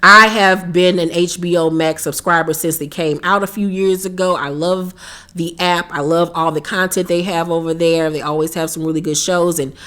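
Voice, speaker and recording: A woman vlogger chatting casually to camera, excited and talkative, repeating herself for emphasis. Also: fairly low pitch, moderate pace. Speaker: YouTube vlogger.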